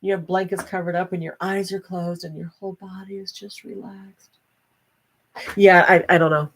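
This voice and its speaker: A woman's voice: on the low side, little pitch movement, moderate pace. An older woman hosting a livestream, chatting casually with viewers and breaking into folksy exclamations. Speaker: livestream host.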